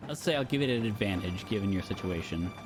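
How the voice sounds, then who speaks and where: A man's voice: lowish voice, expressive, fast. A man acting as dungeon master, narrating a tabletop game in a laid-back way, laughing between descriptions.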